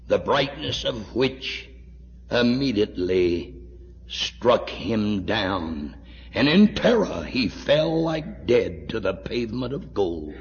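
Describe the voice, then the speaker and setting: A man preaching a sermon, telling a story dramatically and swinging from hushed tones to shouts. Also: fairly low pitch, very animated, takes it slowly. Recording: dull echoey hall recording.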